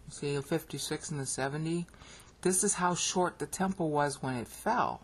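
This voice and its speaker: Husky American-accented Bible teacher narrating slides. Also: mid-range voice, moderate pace. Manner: explanatory, checks in with frequent "okay?". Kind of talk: screen-recorded lecture narration.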